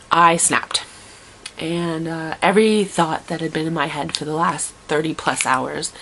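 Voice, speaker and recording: A woman's voice: on the low side, a bit bright, slight background noise, low-quality recording. A young woman, telling a long personal story to the camera in a chatty, dramatic way with wry asides. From Toronto, Canada. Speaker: vlogger. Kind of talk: casual storytelling monologue.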